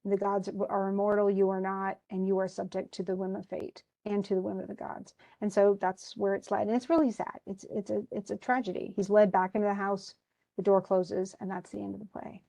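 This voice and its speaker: Gravelly and dark in tone, a woman's medium-pitched voice runs fairly quick with flat delivery. As a teacher, she chattily retells a tragic play to her class in a casual lecture, with many restarts and a wistful feeling toward the tragedy.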